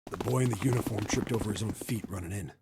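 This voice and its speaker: A man's voice: lowish voice, quick pace, vocal fry, very noisy. A man streaming and reading a visual novel aloud in plain narration. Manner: plain narration, swearing in asides.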